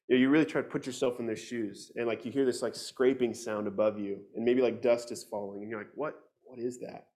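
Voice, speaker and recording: A man teaching scripture in a conversational way, reading verses aloud and explaining them closely, often repeating words as he goes. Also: mid-range voice. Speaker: preacher.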